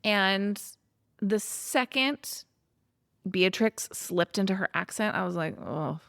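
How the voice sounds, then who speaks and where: A woman's voice: mid-range voice, takes it slowly, gravelly, clean tone, no room sound, clean studio sound. A woman co-hosting a podcast, casually giving opinionated movie critiques with lots of asides. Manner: opinionated, animated, many asides. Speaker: podcast co-host. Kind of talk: casual chat reviewing a movie.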